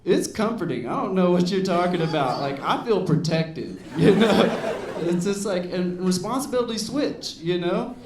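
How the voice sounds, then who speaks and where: A man's voice: high voice, lively intonation, moderate pace, distant mic, noisy background. A man in his thirties doing a stand-up set on a club stage, rambling along with lots of "you know"s. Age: 30s. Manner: laid-back rambling delivery with many "you know"s. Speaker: stand-up comedian. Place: comedy club stage with audience. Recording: roomy club recording with crowd laughter. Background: audience laughing.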